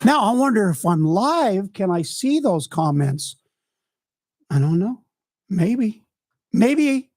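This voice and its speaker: This music podcast host, on a desk mic and headphones in his home studio, has a high, sing-song, slightly mellow voice and takes things slowly with long pauses. His unscripted live stream is rambling, chatty and self-mocking, recorded dry.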